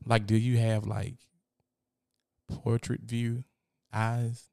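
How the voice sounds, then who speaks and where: A young man hosts a casual live stream, talking in an animated, profane way and reading out viewer comments. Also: medium pitch, slow pace, vocal fry. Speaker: host.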